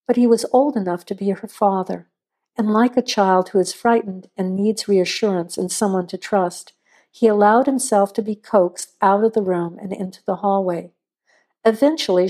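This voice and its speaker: A woman narrating a suspense story in a measured, suspenseful reading. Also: medium pitch, warm tone.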